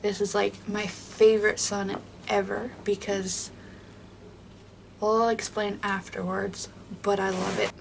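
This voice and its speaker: A woman's voice: mid-range voice, little pitch movement, a little slow, vocal fry, a little hiss or hum. A woman vlogging in a casual, rambling way, chatting and then reading poems aloud. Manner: chatty, rambling with many likes.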